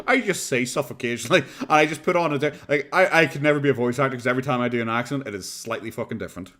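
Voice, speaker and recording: A man with an Irish accent commenting casually on a reaction stream, sarcastic and animated, swearing freely. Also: medium pitch, very fast, few pauses.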